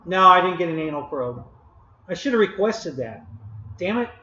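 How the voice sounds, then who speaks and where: A man's voice: high voice, sing-song, moderate pace, pushed and bright. A man hosting a live stream, telling a long casual story to his chat with many restarts and chuckles. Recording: echoey room, dull lo-fi audio.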